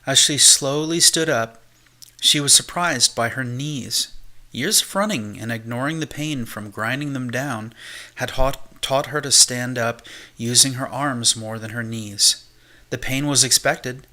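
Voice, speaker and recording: Male amateur audiobook narrator, steady and measured, bright voice. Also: mid-range voice.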